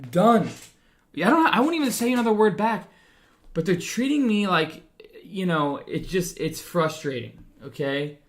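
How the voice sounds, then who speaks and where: A man's voice: sits high, lively intonation, normal speed. A man who trades stocks, ranting in a heated monologue, frustrated and fired up, often repeating himself and trailing off. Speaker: day trader and stock-trading streamer.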